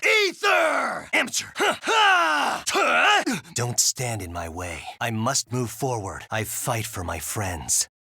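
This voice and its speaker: An actor playing a young male battle tactician who shouts spell names with commanding battle cries in a video game. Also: fairly low pitch, lively intonation, measured pace, hardly any pauses, slightly rough, no echo, clean studio sound, full character voice. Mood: fierce.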